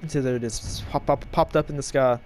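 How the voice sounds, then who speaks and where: A man giving casual gameplay commentary, talking fast with jumbled words, frequent stutters and restarts. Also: mid-range voice, steady tone, a little hiss or hum. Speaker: gaming channel host. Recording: loud gunfire and battle game sounds behind. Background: shooter game audio with gunfire and vehicles.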